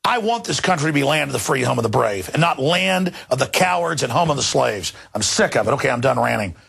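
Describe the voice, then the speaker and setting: A man's voice: mid-range voice, vocal fry, fairly bright tone, husky. A man in his thirties hosting a news commentary show, ranting indignantly and mocking what he reports. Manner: indignant, mocking, shifts into exaggerated impressions. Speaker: talk radio host.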